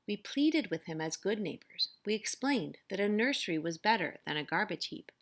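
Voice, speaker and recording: A woman's voice: mid-range voice, lively intonation, normal speed, natural voice. A woman voicing an earnest uncle. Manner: earnest, explaining. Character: kindly neighbor man pleading for the family. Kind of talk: storybook read-aloud.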